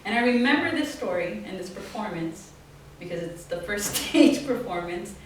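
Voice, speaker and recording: A woman tells animated stories, laughing often and slipping into the voices of people she quotes. She sits back from the mic in a very echoey room, and a faint hiss runs under her voice. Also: medium pitch, moderate pace, far from the mic. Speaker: guest artist. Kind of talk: storytelling talk. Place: small office event space.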